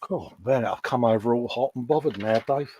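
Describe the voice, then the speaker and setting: A man's voice: medium pitch, normal speed, dark tone, lo-fi sound, slight background noise. A man in his fifties chatting casually on a live stream, self-mocking and jokey, calling everyone mate. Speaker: co-host.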